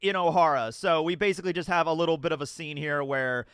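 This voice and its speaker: A bright, forceful male voice rambles through a casual manga chapter review. He swears freely, laughs along, and sometimes breaks into loud, high-pitched outbursts. The sound is dry and close, with a smooth, clear tone. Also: quick pace, no room sound. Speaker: anime and manga reaction host.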